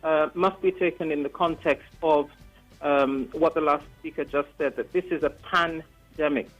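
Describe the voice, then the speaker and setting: Guy calling in to a panel, earnest and persuasive, lots of ums, kinda high voice, muffled lo-fi line. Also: fairly even intonation, normal speed, a bit bright, faint music behind. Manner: earnest, persuasive, with many fillers. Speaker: panel guest. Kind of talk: remote panel discussion.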